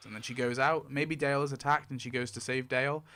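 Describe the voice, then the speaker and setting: A man's voice: mid-range voice, fairly even intonation, fast talker, sharp tone, no echo. A young man streaming casually, rambling and thinking aloud with fillers.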